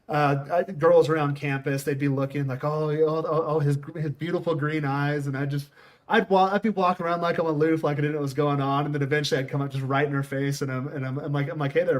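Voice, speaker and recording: A middle-aged man from the United States, hosting a casual conversation and telling stories with a wandering, restart-filled delivery. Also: medium pitch. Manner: rambling storyteller, quotes people in voices. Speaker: host.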